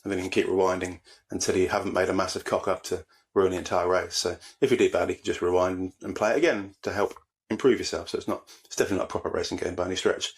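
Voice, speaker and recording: A man's voice: low voice, steady tone, racing. A man co-hosting a podcast, chatting in an easygoing way and explaining things at length. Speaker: podcast co-host. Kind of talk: casual chat.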